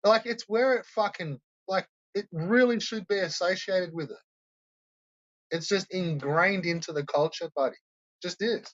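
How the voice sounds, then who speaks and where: A man's voice: high voice, unhurried. Man, crude mocking rant, heavy swearing, dull lo-fi audio. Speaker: host of a troll-reaction stream. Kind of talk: profane ranting commentary.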